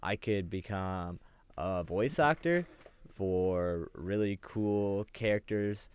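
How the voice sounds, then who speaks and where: A man's voice: deep voice, takes it slowly, a little mellow, clear, resonant tone. A young man co-hosting a podcast, telling crude jokey stories in casual chat. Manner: joking, storytelling, crude. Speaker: podcast co-host.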